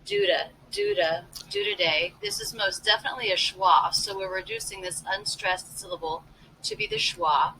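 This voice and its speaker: A woman with a bright voice coaches pronunciation, repeating phrases to break down their sounds. Faint background noise hums under her. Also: mid-range voice, normal speed, poor audio. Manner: analytical, repeating phrases to demonstrate. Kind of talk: video lesson.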